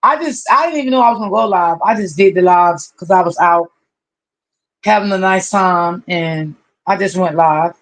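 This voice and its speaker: At a normal speed and in a mid-range voice, this streamer welcomes each viewer by name in a relaxed chat. Every greeting is drawn out, and people get called honey and baby in a warm, familiar way.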